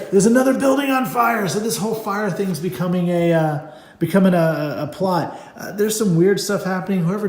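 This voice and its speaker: A man's voice: on the high side, darkish tone. A middle-aged man casually paging through a comic and talking about it, rambling and enthusiastic, with many fillers. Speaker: comic book reviewer. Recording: echoey room.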